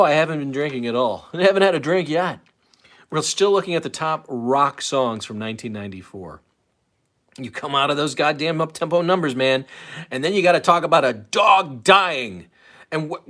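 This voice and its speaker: A man in his forties imitating a male radio countdown host, going from smooth announcer delivery to loud, profane griping. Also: a little high, expressive, fairly quick, lightly acted. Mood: irritated rant.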